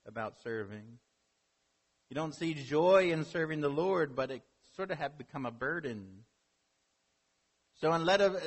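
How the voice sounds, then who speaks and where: Husky-voiced man preaching a sermon. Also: a little high, fairly bright tone. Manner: earnest, rhetorical questions, rising emphasis. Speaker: pastor.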